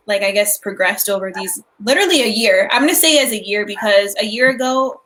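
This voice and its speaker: A young woman co-hosting a casual live stream chat, gushing and excitable, with lots of "like" fillers. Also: mid-range voice, brisk.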